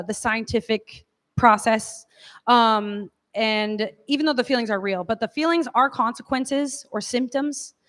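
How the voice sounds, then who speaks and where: A woman's voice: a little high, a bit bright. A woman teaching a class in a conversational lecture style, often checking in with her listeners.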